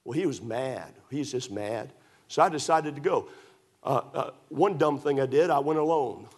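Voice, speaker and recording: A man's voice: mid-range voice, animated, moderate pace, a little mellow. A man preaching a sermon, building with emphatic rhetorical questions and storytelling. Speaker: pastor.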